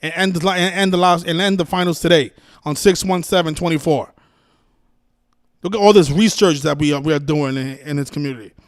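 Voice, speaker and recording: A man's voice: a little high, fairly quick, dry recording, studio quality. A man hosting a livestream, scolding his viewers in an exasperated, profane rant with many restarts and repeated words. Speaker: livestream host. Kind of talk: ranting livestream monologue.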